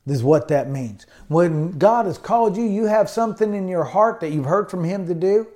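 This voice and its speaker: Here a pastor delivers an emphatic sermon, regularly punctuated by amens and hallelujahs. He's an adult man with a college degree whose high, animated voice has a dark tone and an ordinary pace.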